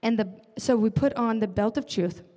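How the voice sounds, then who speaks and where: A woman's voice: a little high, normal speed, mellow. A young woman giving an earnest, conversational sermon as a church leader, often adding casual fillers. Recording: long reverb of a large hall.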